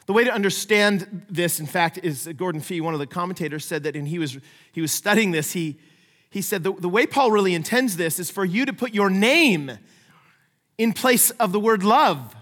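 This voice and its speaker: A middle-aged male pastor with a high voice preaches in a lively, conversational way, slipping into playful voices for the people he quotes. His words ring out with the long reverb of a large church sanctuary. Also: normal speed. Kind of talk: sermon.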